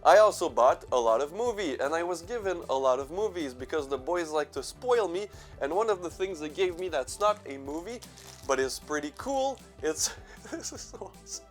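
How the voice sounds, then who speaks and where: A man's voice: on the high side, lively intonation, moderate pace, soft background music. A young man hosting a casual vlog, stuffy from allergies, rambling, self-mocking, swearing and laughing as he goes. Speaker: horror movie channel host.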